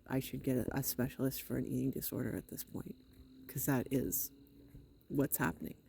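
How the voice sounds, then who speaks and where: A middle-aged woman with a hoarse, sore throat, talking in a hesitant, rambling video diary with wry, matter-of-fact asides. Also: very deep voice, dark tone, a little hiss or hum. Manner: hesitant, rambling, many fillers. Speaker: vlogger. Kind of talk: casual personal video diary.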